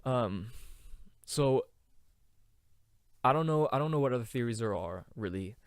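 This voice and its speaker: A young man hosting a casual solo podcast, rambling with many fillers and now and then trying out falsetto singing. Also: animated, a little slow, no echo, clean studio sound. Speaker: podcast host.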